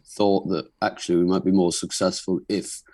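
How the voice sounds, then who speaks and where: A man's voice: sits low, flat delivery, normal speed, a little mellow, dry recording. A young man from Carlisle with a Cumbrian accent, talking earnestly as a guest in a casual interview, with frequent restarts. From Carlisle, England. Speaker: band frontman, guest.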